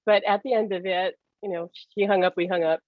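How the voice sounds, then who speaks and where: A woman guesting as a psychic medium narrates personal stories in an animated style, often laughing and dramatizing the exchanges she remembers. She has a mid-range voice, speaks fairly quickly, and comes through echo-free with phone-quality sound.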